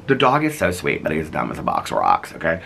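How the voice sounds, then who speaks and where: A man's voice: very deep voice, huge pitch swings, quick pace, vocal fry, fairly bright tone, a little hiss or hum. A man in his fifties vlogging outdoors in his neighborhood, chatting in a meandering, storytelling way and laughing often. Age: 50s. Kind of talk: casual rambling vlog chat. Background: faint outdoor ambience with birds.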